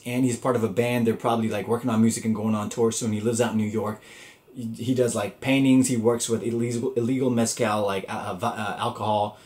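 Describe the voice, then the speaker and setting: A man's voice: medium pitch, a little mellow. A young man hosting a podcast, telling a rambling, profane story in casual chat. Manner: rambling, profane, laid-back. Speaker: podcast host.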